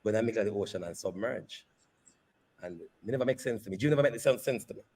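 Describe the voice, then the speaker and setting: A man, a company CEO, telling a personal story in an interview with animated, repeated phrases. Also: fairly low pitch, fast. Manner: animated retelling that repeats phrases and slips into patois.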